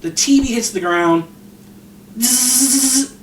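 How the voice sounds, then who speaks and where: Podcast co-host, high-pitched man, casual animated recap, roomy far-off mic. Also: fairly quick. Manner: animated retelling, acts out characters' lines, swears freely. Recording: distant echoey mic with faint noise.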